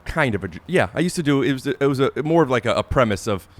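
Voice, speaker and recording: A man hosting a casual podcast interview, halting and searching for words with many restarts. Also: medium pitch, animated, no echo. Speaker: podcast host.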